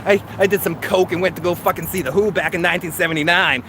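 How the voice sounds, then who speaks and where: A man's voice: high voice, fairly even intonation, quick pace, voice pushed up. A man putting on a brash, foul-mouthed guy with a Boston accent, ranting with swagger. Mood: cocky rant. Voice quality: swaggering, constant swearing, shouty. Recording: outdoor traffic noise.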